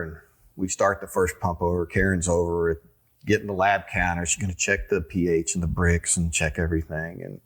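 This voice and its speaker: Man, very low voice, winery owner, folksy, rambling storytelling. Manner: folksy, rambling, many fillers and restarts. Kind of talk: casual storytelling in a podcast interview.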